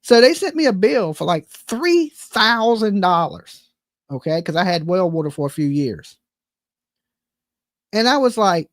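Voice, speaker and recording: A woman's voice: medium pitch, big pitch swings, normal speed, dry recording. A woman ranting in casual chat, profane and exasperated, rambling with frequent restarts. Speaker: livestream host. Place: home.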